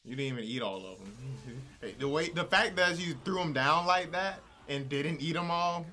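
A young man reacting to an anime, excitable and slangy, laughing often. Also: on the high side, moderate pace. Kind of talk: casual reaction commentary.

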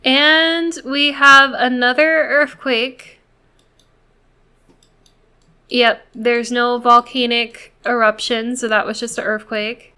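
High-voiced woman coaxing her game characters. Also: flat delivery, slow, few pauses, sharp tone, clean tone. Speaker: gameplay video host. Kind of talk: casual gameplay commentary.

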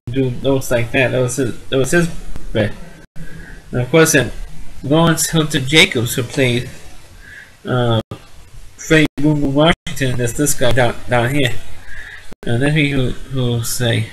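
A man's voice: mid-range voice, fairly bright tone, poor audio. A man with a nasal voice casually reviewing a sitcom, rambling with frequent restarts and repeated words. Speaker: TV show reviewer.

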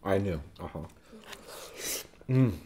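A man in his thirties hosting a family vlog, chatting gently and patiently with his child between bites of food. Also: sits low, expressive, takes it slowly, a little hiss or hum. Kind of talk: casual family chat while eating.

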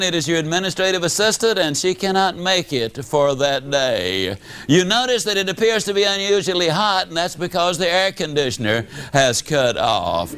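An older man giving a motivational speech to an audience, telling stories with animated, drawn-out emphasis. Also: high-pitched, clear, resonant tone. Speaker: motivational speaker.

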